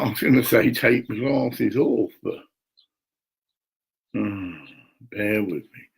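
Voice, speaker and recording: A man's voice: fairly low pitch, vocal fry, slight background noise, poor audio. An older man, rambling and muttering to himself at home while talking to camera, swearing now and then. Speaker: vlogger.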